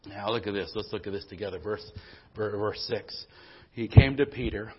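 A man's voice: fairly low pitch, moderate pace, breathy edge. A male pastor preaching a sermon in a church, with emphatic call-and-response and folksy storytelling asides. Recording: dull lo-fi sermon recording.

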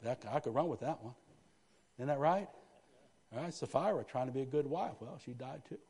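A man preaching a sermon in a church, lively, with frequent asides to the congregation. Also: mid-range voice, a little fast, breathy edge. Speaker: pastor. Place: church sanctuary. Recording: long hall reverb.

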